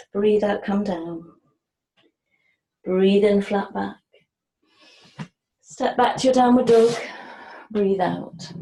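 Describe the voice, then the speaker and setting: A woman yoga teacher talks a class through breath and movement in a slow, soft cadence. Her voice is mellow and dark, and it rings in an echoey room. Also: on the high side. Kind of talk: guided yoga class instruction.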